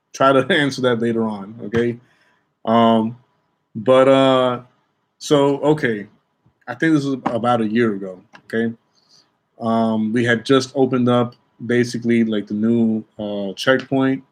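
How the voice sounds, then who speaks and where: A young man chats casually about his job in airport security. He rambles a little, restarts his sentences and keeps checking in with his audience. His voice sits at an ordinary middle pitch. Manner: chatty, repeats "okay?" and restarts often. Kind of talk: casual storytelling vlog.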